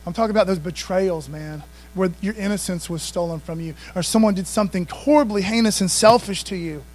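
A man's voice: sits high, fairly quick, darkish tone, rough recording. A man preaching a sermon in a conversational style, often calling out to the congregation for responses. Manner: conversational preaching, frequent call-outs to the congregation. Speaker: pastor.

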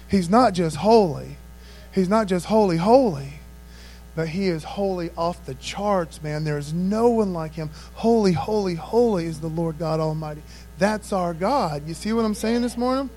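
A man's voice: high voice, darkish tone. A man preaching a casual, folksy sermon, laughing often and calling his listeners "man".

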